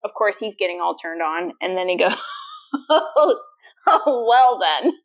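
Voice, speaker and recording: A woman's voice: lowish voice, fairly even intonation, normal speed, creaky, dull audio. A woman co-hosting a podcast, chatting casually and animatedly retelling scenes with laughter. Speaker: podcast co-host. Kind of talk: casual chat.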